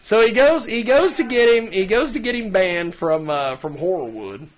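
High, lively man telling stories. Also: normal speed, low-quality recording. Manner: rambling, laughs through his stories. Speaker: podcast host. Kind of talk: casual storytelling chat.

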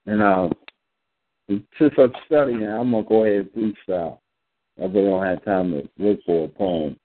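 A man's voice: fairly low pitch, normal speed. A man calling into a poetry show who talks casually and reacts easily. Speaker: caller and poet. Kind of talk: casual call-in chat. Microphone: phone call. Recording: tinny phone line.

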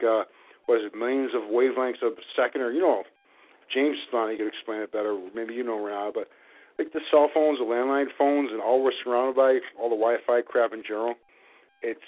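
A man on a casual talk show, going off on long rambling rants full of "like" and "you know.". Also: medium pitch. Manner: rambling, ranting, lots of fillers. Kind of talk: casual phone-in chat. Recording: narrow phone line.

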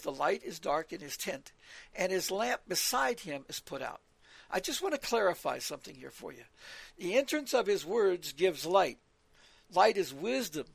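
A man with a gravelly, husky voice that sits high for a man, giving an earnest evening Bible talk. He rambles from point to point, reads scripture aloud and explains it, recorded dry and close. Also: no echo. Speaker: preacher.

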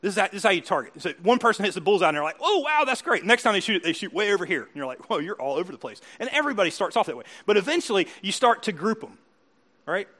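High-voiced bright animated male preacher. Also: rapid-fire. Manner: conversational, animated, laughs often, acts out quotes. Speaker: pastor. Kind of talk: sermon.

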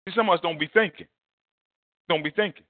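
A male pastor preaching a storytelling sermon, leaping high in pitch to act out a shouting crowd. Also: quick pace, dry recording. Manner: animated, swings high to mimic a shouting crowd. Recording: dry, phone-like narrow sound.

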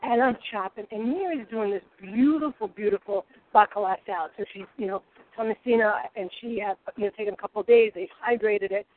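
A middle-aged woman telling kitchen stories in a lively, expressive way as a guest cook. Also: mid-range voice, fairly quick. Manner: lively, expressive, laughing storyteller. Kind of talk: animated storytelling chat. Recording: tinny phone-like line.

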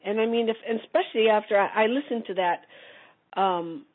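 On a group call heard through phone-line audio, a woman participant casually shares a personal story at normal speed in a medium-pitched voice. She rambles and restarts many times.

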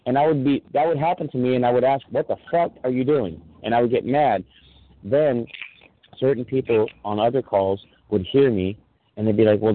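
A man's voice: medium pitch, no echo. A man ranting angrily on a call, swearing heavily as he defends himself. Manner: angry ranting, heavy swearing. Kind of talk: heated phone chat. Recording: tinny dry phone line.

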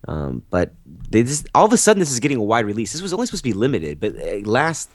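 A man's voice: mid-range voice, wildly swooping pitch, quick pace, no echo, studio quality. A man co-hosting a movie podcast, rambling and joking with sarcastic asides. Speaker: podcast co-host. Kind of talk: casual movie podcast chat.

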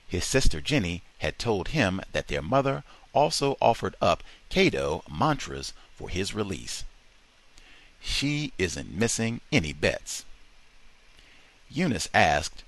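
A man's voice: sits low, big pitch swings, a little slow, fairly bright tone, dry recording. A man reading a book aloud to a study group, expressively voicing its quoted dialogue. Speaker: reader in a book study session.

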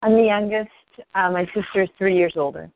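Candid, animated woman on a tinny line. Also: a little fast. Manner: candid, swearing, animated with rising pitch. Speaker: interview guest. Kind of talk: emotional personal storytelling. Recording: dry, tinny phone-like line.

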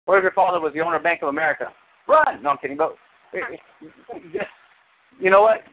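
A man preaching a sermon as pastor, animated, with sudden high exclamations. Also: fast talker. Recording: tinny phone-like sound.

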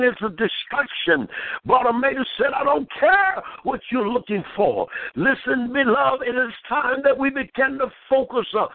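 A man preaching a fervent sermon, calling his listeners "beloved" and filling pauses with "uh". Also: very high voice, vocal fry, dry recording. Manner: fervent preaching with frequent "uh" fillers. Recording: tinny phone-line sound.

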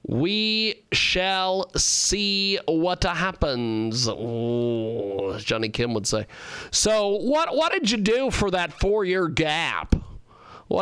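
A man's voice: high-pitched, vocal fry, a bit bright, smooth, no echo. A man hosting a radio talk show in casual chat, telling rambling stories and laughing often.

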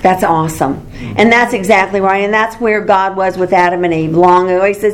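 A woman's voice: medium pitch, fairly even intonation, a little fast. A middle-aged woman leading a small-group Bible lesson, talking things through in a conversational way and correcting herself as she goes. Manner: conversational, self-correcting, warm teaching. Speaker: Bible study teacher.

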